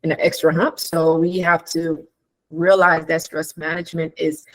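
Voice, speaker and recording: Here a woman with a deep voice talks at a normal speed over a rough recording. She's chatting casually, full of animated energy as she tells stories, voices the dialogue, laughs often and asks rhetorical questions.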